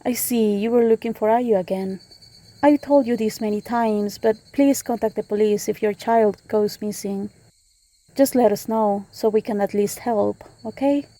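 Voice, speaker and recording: A woman voicing a calm, friendly village police officer who lectures and reassures. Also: medium pitch, normal speed, lightly acted. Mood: firm.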